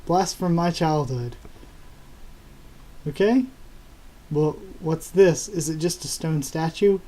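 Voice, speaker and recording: A man doing a live reading of a manga chapter and reacting to it, with frequent laughs and excited asides. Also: a little high, slow. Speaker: manga reviewer.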